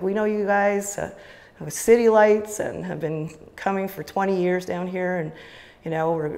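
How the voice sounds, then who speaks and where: A woman's voice: on the low side, gravelly, a little mellow. A woman speaking casually and with enthusiasm to a church congregation, with many fillers. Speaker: church leader giving the offering talk. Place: church sanctuary. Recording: long church hall reverb.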